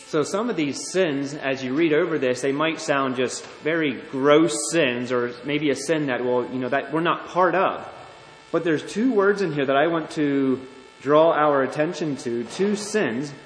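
A male pastor delivers an earnest, deliberate sermon in a slightly raised voice. His words ring out with long reverb, as if in a large church sanctuary. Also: on the high side. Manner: earnest, deliberate preaching with restarts. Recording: echoey hall.

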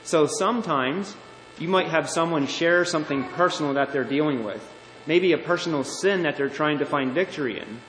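A male pastor delivers an earnest, deliberate sermon in a slightly raised voice. His words ring out with long reverb, as if in a large church sanctuary. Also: on the high side, fairly bright tone. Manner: earnest, deliberate preaching with restarts. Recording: echoey hall.

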